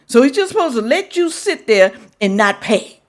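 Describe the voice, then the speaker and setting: A woman's voice: on the high side, very animated, normal speed, slight background noise. A woman hosting a reaction video who lectures and scolds, repeating her points for emphasis. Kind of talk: reaction commentary.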